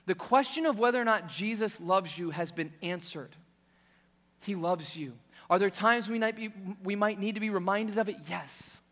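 A man preaching a sermon with passion, swinging from loud emphasis to hushed intensity. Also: high-pitched, normal speed, big-room sound.

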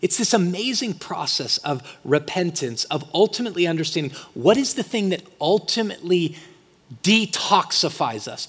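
A man preaching a sermon as pastor, talking conversationally and swinging from quiet asides to loud, emphatic peaks. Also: high voice, animated, measured pace, slightly rough. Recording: long hall reverb.

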